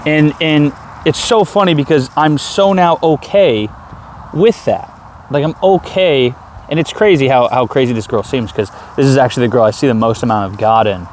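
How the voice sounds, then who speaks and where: A man in his thirties, talking earnestly in a rambling personal video diary, with many halting restarts. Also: medium pitch, a little hiss or hum. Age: 30s. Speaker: vlogger.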